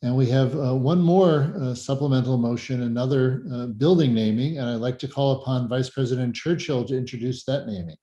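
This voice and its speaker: A man who is a university president, chairing a formal vote with brisk procedural phrasing. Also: medium pitch, dark tone. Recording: dull echoey sound from far off.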